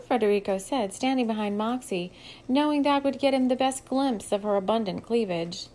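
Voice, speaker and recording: A woman's voice: mid-range voice, normal speed, darkish tone, low-quality recording. A woman steadily reading her own novel aloud as an audiobook. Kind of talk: audiobook narration.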